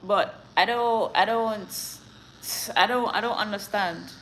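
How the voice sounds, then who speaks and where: A woman's voice: mid-range voice, slow pace, a bit bright, slight background noise, rough recording. A Jamaican woman reading the news and chatting with viewers, with laughing asides and a switch between patois and standard English. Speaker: news reader and live streamer.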